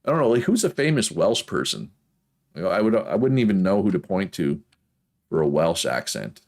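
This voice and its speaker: Gaming streamer, male, deep Prince Edward Island accent, loose rambling chat with laughs. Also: sing-song, a little fast, a little mellow. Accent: Prince Edward Island, Canadian East Coast. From Prince Edward Island, Canada. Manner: rambling, chatty, laughs often. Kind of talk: casual chat while playing a game.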